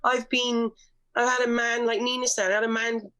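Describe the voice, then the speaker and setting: A woman's voice: on the high side, level tone, moderate pace, a bit bright, poor audio. A woman guest on a podcast, speaking candidly and telling personal stories in casual conversation, with frequent restarts and blunt swearing.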